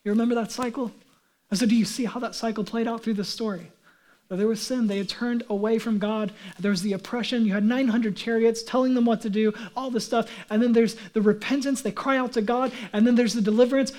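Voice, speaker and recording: A man's voice: very high-pitched, steady tone, a little fast, darkish tone. A man, a pastor, preaching a sermon in an earnest, emphatic way and asking the congregation rhetorical questions.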